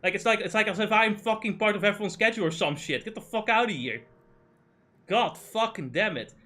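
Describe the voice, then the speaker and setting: Fast, bright-voiced man ranting. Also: high voice. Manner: ranting, profane, exasperated. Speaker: streamer. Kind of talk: casual gaming chat.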